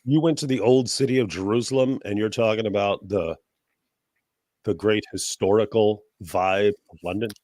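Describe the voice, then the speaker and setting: A man's voice: lowish voice, moderate pace, darkish tone, dry recording, studio quality. Sarcastic American man with a cold. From United States. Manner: sarcastic, mocking. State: has a cold. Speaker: guest. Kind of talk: casual chat.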